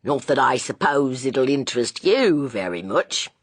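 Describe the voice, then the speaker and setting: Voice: medium pitch, very animated, slightly rough, dry recording. A narrator doing a sheepish young detective. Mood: earnest. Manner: slow, earnest, working-class speech. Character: young man, a detective, sheepish and good-natured.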